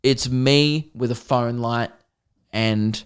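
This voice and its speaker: Young male podcast host, middle-pitched voice, animated, sweary, self-mocking comic storytelling. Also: slow, clear, resonant tone.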